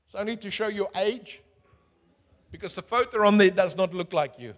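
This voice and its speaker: A man preaching a sermon as pastor, swinging from booming calls to hushed asides and asking the crowd questions. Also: normal speed. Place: church hall. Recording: echoey church hall.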